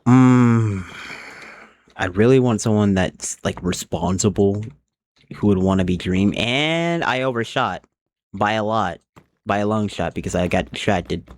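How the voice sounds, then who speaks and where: A man's voice: lowish voice, a little slow. A young man chatting casually on a live stream while he plays a game, thinking aloud and rambling from one thought to the next.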